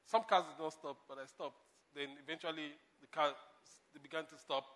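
A man preaching a sermon, animated, moving between loud emphasis and quiet asides and laughing at his own stories. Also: a little high, a little fast. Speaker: pastor.

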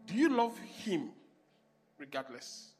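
A man preaching a sermon with sung worship, impassioned, swinging between hushed and loud lines. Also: sits high, sing-song, slow pace, soft background music. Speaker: pastor.

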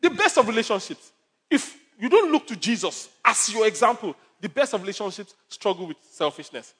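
Animated preaching man, high voice. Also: brisk, breathy edge. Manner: animated preaching with numbered points, storytelling and humor. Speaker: pastor. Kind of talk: sermon.

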